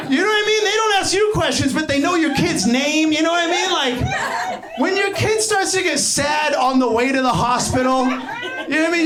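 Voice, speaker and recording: High-voiced, incredulous male stand-up comic. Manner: animated, incredulous, profane. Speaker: stand-up comedian. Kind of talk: stand-up set. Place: comedy club stage. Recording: roomy live club sound with crowd. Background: laughing audience.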